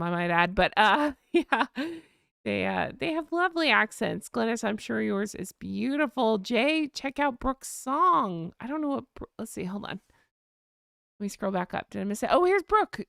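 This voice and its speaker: A woman's voice: medium pitch, gravelly, a bit bright, clear, resonant tone, no echo, studio quality. An American woman hosting a casual live chat stream, chatting and reading out viewer comments. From United States. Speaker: livestream host.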